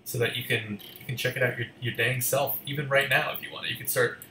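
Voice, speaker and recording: A man's voice: mid-range voice, steady tone, fast talker, sharp tone, reverberant, slight background noise. A man co-hosting a live stream, chatting casually and playfully guessing. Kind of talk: casual chat.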